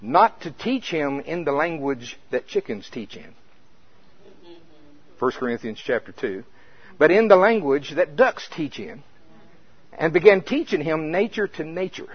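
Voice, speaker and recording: A pastor telling a folksy story in a conversational sermon, with a casual manner. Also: male voice, a little high, animated, measured pace, pauses often, slightly rough. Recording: muffled lo-fi recording.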